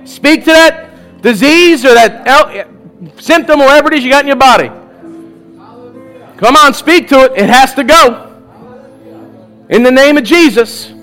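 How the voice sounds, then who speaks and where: High-voiced preacher exhorting a congregation. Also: male voice, unhurried, pauses often, bright, forceful tone, soft background music. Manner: exhorting, repetitive "come on" calls, bursts of laughter. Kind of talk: charismatic sermon and altar call. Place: church service with live audience.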